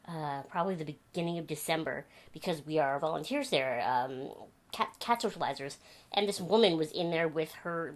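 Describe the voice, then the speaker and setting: A young woman talks casually to her camera from her bedroom, her voice sitting a little low. She tells stories in a chatty, animated way and laughs easily as she goes. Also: a little fast. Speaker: vlogger. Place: home bedroom.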